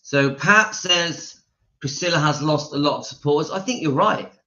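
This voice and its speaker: A man hosts a casual livestream, reading out viewer comments and answering with strong, emphatic opinions. His voice sits a little high and comes across bright and forceful. The sound is slightly dull and lo-fi. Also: moderate pace. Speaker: channel host reading live chat.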